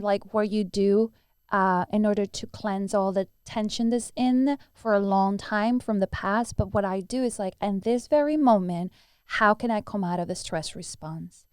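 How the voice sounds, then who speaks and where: A woman's voice: medium pitch, clean tone, no room sound, studio quality. A woman who teaches breathwork, answering interview questions earnestly and demonstrating breathing sounds as she explains.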